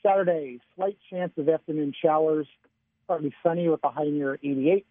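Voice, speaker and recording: A man's voice: fairly high pitch, normal speed, no room sound. Chatty male forecaster on a tinny phone line. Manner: chatty, relaxed, chuckles often. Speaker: weather forecaster. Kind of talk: casual radio weather chat.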